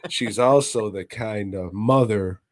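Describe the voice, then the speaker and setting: A man's voice: lowish voice, slow pace. A man co-hosting a podcast, recapping a movie in casual, profane chat, laughing often and breaking into mock voices. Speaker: podcast co-host.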